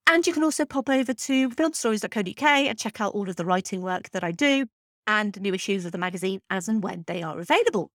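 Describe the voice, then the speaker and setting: A woman's voice: mid-range voice, animated, quick pace, fairly bright tone, no echo, clean studio sound. A woman hosting a film podcast, chatty and enthusiastic as she wraps up the episode with announcements. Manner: chatty, enthusiastic, self-deprecating. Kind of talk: scripted podcast outro. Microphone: podcast microphone.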